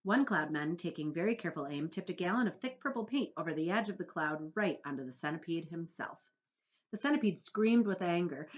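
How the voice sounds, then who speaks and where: Reading a children's book to her class, a woman teacher speaks quickly in a fairly low voice. Her storytelling is expressive, and the audio sounds dull.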